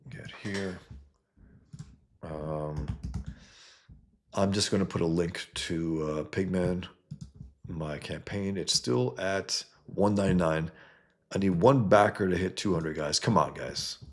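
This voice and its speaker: A man's voice: low voice, takes it slowly, long pauses. A man hosting a casual livestream, reading chat comments and rambling bluntly, often trailing off mid-sentence.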